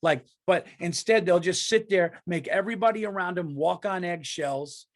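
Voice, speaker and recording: A man with a notably high speaking voice rants on his podcast. He is worked up and emphatic, swearing freely as he hammers his points home. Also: normal speed. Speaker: podcast host. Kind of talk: heated comedic rant.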